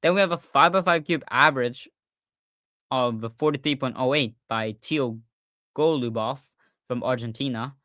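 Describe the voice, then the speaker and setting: A man hosting a casual livestreamed podcast, talking excitedly and often restarting his sentences with fillers. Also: medium pitch, normal speed, dry recording, clean studio sound. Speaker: podcast host.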